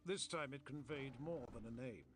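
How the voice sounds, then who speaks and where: A man narrating a story in a steady, descriptive storytelling manner, read aloud on a stream. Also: medium pitch, moderate pace, music in the background.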